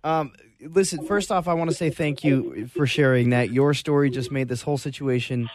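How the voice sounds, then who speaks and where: Male radio host, mid pitch, soft and consoling, dry studio sound. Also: fairly even intonation, moderate pace, no room sound. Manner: soft, consoling, brief replies. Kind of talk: live radio talk.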